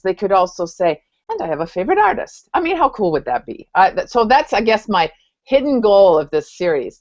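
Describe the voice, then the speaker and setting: A woman's voice: medium pitch, dry recording, highs cut off. Enthusiastic Scottish woman author. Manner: chatty, enthusiastic, many ums. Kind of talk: casual talk and book reading. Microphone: video call.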